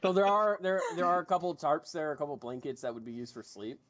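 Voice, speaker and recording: Male game master, slightly high voice, loose and chatty, stammers through narration. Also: expressive, fast, a bit bright. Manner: casual, stammering restarts and swearing.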